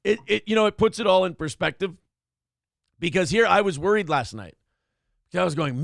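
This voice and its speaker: A man's voice: high voice, animated, moderate pace, vocal fry, long pauses, fairly bright tone, no echo, clean studio sound. A man hosting a morning show, chatting casually in a rambling, self-deprecating way and reading chat comments aloud. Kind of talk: casual live-stream chat.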